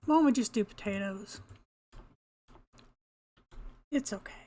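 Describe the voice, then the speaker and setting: A woman's voice: medium pitch, fast, dark tone. An older woman talking casually to herself as she plays a video game, laughing often and cursing mildly at the game's creatures. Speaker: gamer. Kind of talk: casual gameplay commentary.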